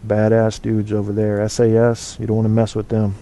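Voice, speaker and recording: A man's voice: on the low side, completely flat delivery, brisk, warm tone. A man hosting a casual call-in show, rambling and opinionated with plenty of fillers and restarts. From United States. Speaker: podcast host.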